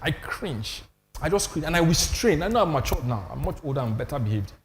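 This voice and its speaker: A man's voice: on the high side, very animated, fast talker, long reverb tail, slight background noise. An older Nigerian man hosting a panel on faith, telling stories with emphasis and self-deprecating humor. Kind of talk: animated panel talk on church.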